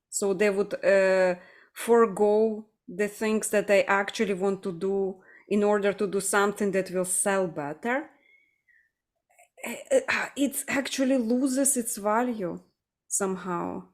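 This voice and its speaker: A woman with a Russian accent talks slowly and thoughtfully about art and lyrics. She pauses often and fills the gaps with "uh" and "um" as she looks for words. Her pace is unhurried throughout. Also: mid-range voice. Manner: thoughtful, hesitant, with many fillers. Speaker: podcast host. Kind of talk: casual conversation about song lyrics.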